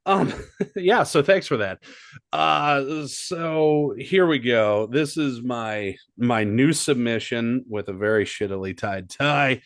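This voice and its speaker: A man's voice: medium pitch, takes it slowly, dry recording. Man, comedy podcast co-host, casual joking chat, swears a lot, dry close recording. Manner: animated, profane, joking.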